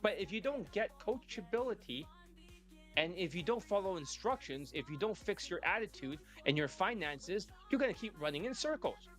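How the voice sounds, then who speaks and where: Guy dating coach lecturing students, kinda high voice, swears a lot, faint music behind. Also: very animated, normal speed, a bit bright. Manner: blunt, profane, lecturing. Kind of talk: live coaching talk.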